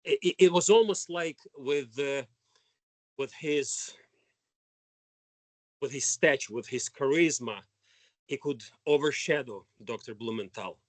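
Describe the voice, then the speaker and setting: A man, a former student, reminiscing in a halting way with many false starts. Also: medium pitch, dry recording. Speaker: former student sharing memories. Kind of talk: casual conversation.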